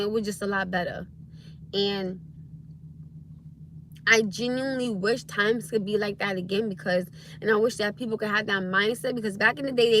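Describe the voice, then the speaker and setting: A woman's voice: mid-range voice, a bit bright, slight background noise. A young woman hosting a casual livestream, talking bluntly and emphatically, often repeating herself to drive a point home. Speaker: livestream host.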